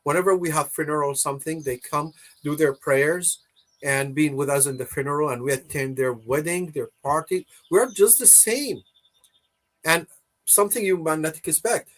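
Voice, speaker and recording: Iraqi-accented man, earnest and slightly high. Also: fairly even intonation, fairly quick, fairly bright tone. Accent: Iraqi Arabic. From Iraq. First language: Arabic. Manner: earnest, non-native grammar. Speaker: guest, politician. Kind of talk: conversational interview.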